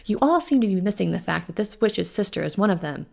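A woman's voice: mid-range voice, animated, fast talker, creaky, mellow. A woman voicing a suspicious female werewolf alpha who snaps her lines. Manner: snappish, suspicious.

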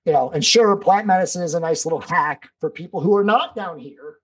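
A man's voice: fairly high pitch, brisk, slightly rough, low-quality recording. A man speaking as a podcast guest in casual conversation, emphatic and preachy, swearing freely.

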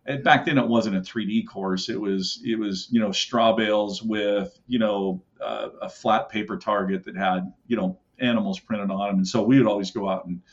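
This middle-aged podcast guest crafts elk calls and shares rambling hunting anecdotes, acting out quotes and using frequent fillers. His voice sits low and steady at a moderate pace with few pauses, captured in muffled lo-fi sound.

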